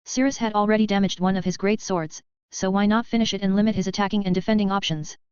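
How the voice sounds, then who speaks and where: A woman's voice: medium pitch, fairly even intonation, fast, darkish tone, smooth, no room sound, dull audio. A woman giving a scripted novel narration, reading evenly and steadily. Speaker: audiobook narrator.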